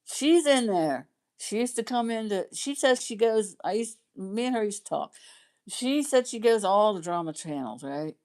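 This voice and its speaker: A woman's voice: medium pitch, lively intonation, normal speed, darkish tone. A middle-aged woman chatting casually on her livestream, rambling and laughing often. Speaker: livestream host chatting with viewers.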